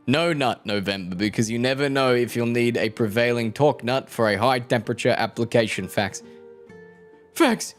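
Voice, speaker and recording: A man's voice: medium pitch, fairly quick, hardly any pauses. A man in his twenties chats loosely with viewers on a live stream. He rambles, jokes and swears as he goes, with faint music playing behind him. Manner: rambling, joking, swears freely, talks to chat. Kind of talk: casual stream chat with viewers.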